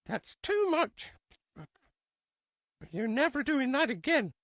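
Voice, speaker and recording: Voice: high-pitched, sing-song, slow pace, fairly bright tone, no echo, studio quality, full character voice. A storyteller voicing a mother lecturing her son, repeating herself. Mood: scolding. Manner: lecturing, repetitive. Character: scolding mother, adult woman, stern with her son.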